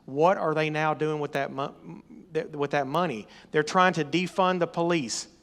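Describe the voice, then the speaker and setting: A middle-aged man preaching a sermon, emphatic and rising to loud exhortation. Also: on the high side, steady tone, normal speed. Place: church or meeting hall.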